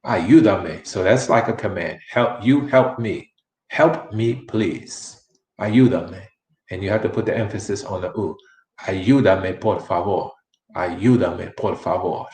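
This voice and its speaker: A man's voice: fairly low pitch, unhurried, a little mellow, roomy sound, poor audio. A man teaching a live-streamed Spanish lesson, chatty and repeating each phrase many times for practice.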